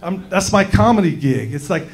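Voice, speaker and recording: Brash high-voiced stand-up comic. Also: male voice, lively intonation, normal speed, vocal fry, faint music behind. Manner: brash, crude punchlines. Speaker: stand-up comedian. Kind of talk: stand-up set. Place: comedy club stage with a live audience.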